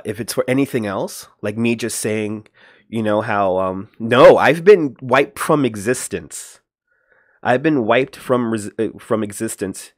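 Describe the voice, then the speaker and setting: A man hosting a casual livestream, rambling and greeting viewers by name, his voice jumping up when he gets animated. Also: fairly low pitch, dry recording, clean studio sound. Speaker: livestream host.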